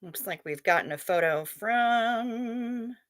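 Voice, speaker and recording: A woman's voice: a little high, animated, slow pace, a bit bright, dry recording, studio quality. A woman hosting a casual livestream, chatting playfully with viewers and reading out their messages as they come in. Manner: chatty, reads chat aloud, playful, swears casually. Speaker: livestream host.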